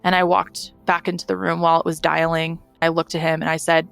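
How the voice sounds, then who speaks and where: A woman's voice: sits low, little pitch movement, brisk, gravelly, fairly bright tone, soft background music. A young woman frankly telling her own story as a podcast guest, blunt and swearing freely. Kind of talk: candid first-person storytelling.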